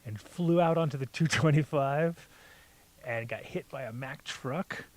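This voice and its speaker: A man's voice: on the high side, unhurried. A man hosting a casual podcast chat, telling stories with lots of swearing and acting out quotes in a raised voice. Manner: animated, profane, acts out quotes in a raised voice. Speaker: podcast host.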